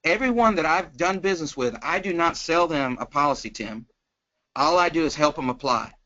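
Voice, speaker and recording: A man coaching insurance sales on a conference call, energetic and checking in with the listener again and again. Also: fairly high pitch, normal speed. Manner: energetic, keeps checking in with "okay?". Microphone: phone. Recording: muffled conference-call phone line.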